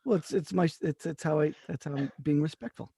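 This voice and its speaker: A man co-hosting a comedy podcast from a video call, talking in a halting way with many restarts. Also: a little high, gravelly, crowd noise. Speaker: podcast co-host. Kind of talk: crude comedy banter.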